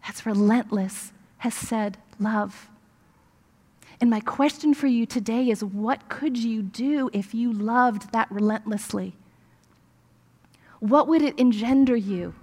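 An older woman with a fairly high voice tells a sermon story, animated and acting out each exchange. Her voice rings with a long reverb, as if in a large hall. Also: slow pace. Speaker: preacher.

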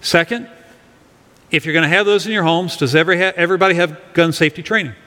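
A man's voice: a little high, fairly even intonation, fast, pushed and bright, in a large hall. A middle-aged male pastor giving an earnest sermon to his congregation, leading them in reading a verse aloud. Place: church sanctuary.

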